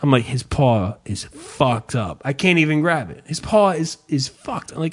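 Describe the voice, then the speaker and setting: Brief: casual male podcast host, slightly high voice, swears a lot, self-mocking storyteller. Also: big pitch swings, normal speed, few pauses. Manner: profane, self-mocking storyteller who yells his own quotes.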